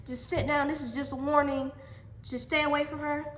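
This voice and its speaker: A young woman quoting a stern male school counselor who gives firm, measured warnings. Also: high-pitched, flat delivery, slight background noise, close to an everyday voice. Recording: echoey room.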